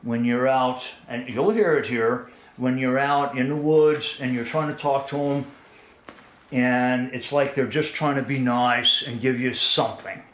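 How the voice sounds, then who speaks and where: A man at a mid-range pitch gives an explanatory lecture, earnest and analytical. He often restarts phrases and pauses to ask "right?". The sound carries a noticeable roomy echo. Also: fairly even intonation, a bit bright. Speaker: presenter.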